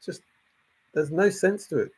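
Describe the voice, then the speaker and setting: A channel host delivers a casual opinion rant in a slightly higher-than-average, somewhat husky voice. Exasperated and animated, he keeps circling back to the same points, taking his time as he goes.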